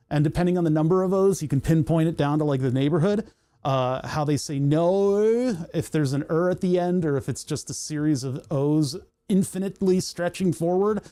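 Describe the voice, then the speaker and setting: Streamer from Pennsylvania, mellow mid-pitched voice, rambling and tangential casual chat. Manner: rambling, tangent-prone, self-interrupting. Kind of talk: casual live-stream chat while working on a computer.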